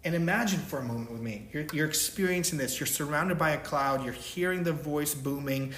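A man's voice: on the high side, brisk, fairly bright tone, a little hiss or hum. Emphatic preacher man in echoey room. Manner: emphatic, repeats points and asks "right?". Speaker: pastor. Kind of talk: sermon.

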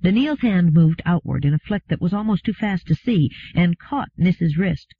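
A man narrating an audiobook in a steady, even reading. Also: sits high, moderate pace, husky, no echo. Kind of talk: scripted narration. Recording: phone-like narrow sound.

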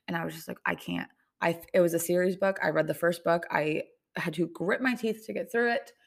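Young female podcast host, lowish voice with some fry, chatty and full of fillers. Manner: rambling, many "like" fillers. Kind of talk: casual solo podcast chat.

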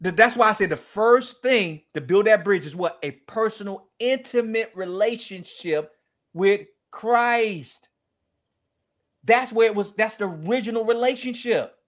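A man speaking as a guest, telling a story in a lively, preacher-like way and acting out the quoted dialogue. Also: high-pitched, measured pace. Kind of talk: animated storytelling talk.

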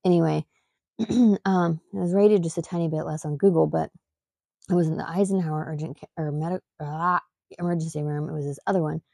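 A woman tells a story in a rambling, emphatic way, with many fillers and false starts. Her voice sits low and has a gravelly edge. The sound is dry and close, with no room echo. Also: steady tone, fairly quick, warm tone. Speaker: mother and podcast host. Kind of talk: casual storytelling.

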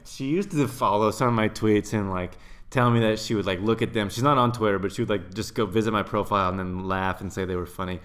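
A man's voice: fairly low pitch, fairly even intonation, quick pace, a bit bright. A young man hosting a casual podcast chat, joking loosely and swearing freely. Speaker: podcast host.

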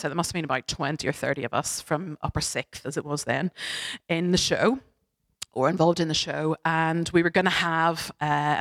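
A young woman giving a sermon, telling a personal story in a chatty, animated, self-deprecating way. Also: lowish voice. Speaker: preacher.

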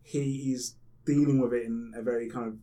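A man's voice: mid-range voice, steady tone, moderate pace, mellow, far from the mic. A man in casual chat, blunt and swearing often.

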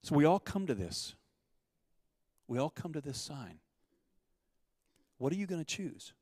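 A man preaching, telling a parable and acting out the quotes, with swings between loud urgency and hushed softness. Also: fairly high pitch, very animated, unhurried, dry recording, big-room sound. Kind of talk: sermon storytelling.

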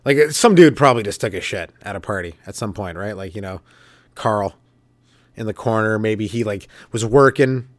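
A man's voice: fairly low pitch, moderate pace, no room sound. A man riffing loosely as a comedy podcast host, rambling and profane and chuckling often. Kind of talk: improvised stand-up riffing.

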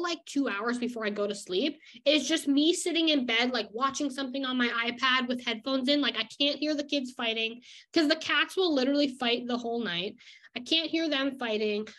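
A woman's voice: sits high, fairly bright tone. A young woman vlogger chatting casually about her daily routine, full of "like" and easy laughs. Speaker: illustrator vlogger. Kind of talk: casual vlog chat.

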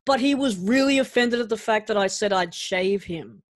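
A man being interviewed as a guest, telling stories in a lively way and often restarting his sentences. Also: high-pitched, normal speed, no room sound. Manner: animated anecdote-telling with frequent restarts. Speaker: guest, actor and pro wrestler. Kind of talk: casual interview storytelling.

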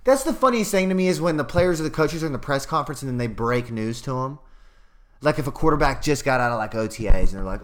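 A man co-hosting a casual sports podcast, animated and profane, acting out quotes as he tells stories. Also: mid-range voice, fast talker. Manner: animated, swearing, acts out quotes. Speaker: podcast co-host.

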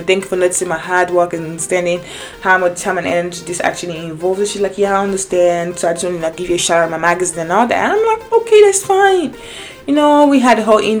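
An excitable young woman chats to her viewers about her own life, and her voice sits a little low. She tells it in an animated way, restarts often and acts out both sides of conversations. Faint music plays behind her. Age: young adult. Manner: animated, excitable, many restarts and quoted dialogue. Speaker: vlogger. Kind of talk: casual personal storytelling to viewers.

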